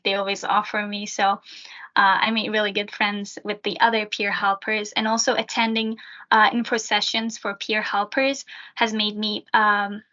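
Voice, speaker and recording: A woman's voice: mid-range voice, sharp tone. A young woman who works as a student peer helper, answering interview questions in a chatty way with a lot of fillers. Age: young adult. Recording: dull lo-fi sound.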